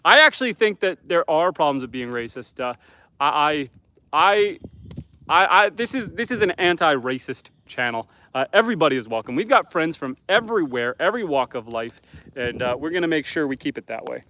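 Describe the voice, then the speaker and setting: A man's voice: fairly high pitch, very animated, fairly quick, pushed and bright, slight background noise. A man from Northern Canada with a Canadian accent, casually chatting on a livestream from his homestead, rambling and easygoing with plenty of ums and restarts. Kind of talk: casual livestream chat, reading viewer comments. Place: outdoors at an off-grid homestead by a bonfire.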